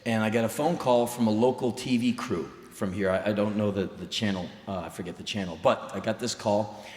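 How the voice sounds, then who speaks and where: A man's voice: on the low side, brisk, a little mellow. An American man in his thirties, telling a story on a live stage in an intense, blunt, emphatic way. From United States. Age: 30s. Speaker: spoken word performer. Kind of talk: live spoken word storytelling. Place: live stage in a concert venue. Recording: echoey live hall recording.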